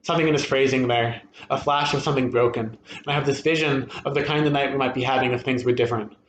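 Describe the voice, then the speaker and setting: A man reads a short story aloud in a steady, first-person storytelling voice that lifts at tense moments. His middle-pitched voice rings in an echoey room, with faint ambient noise underneath. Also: fast talker. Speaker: reader at a literary event.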